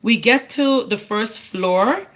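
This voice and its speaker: Slowly and with a slightly high, fairly bright voice, a woman shares a personal testimony as a tribute at church. The talk is informal, and she is earnest and candid, frequently backing up and repeating herself as she looks for the words.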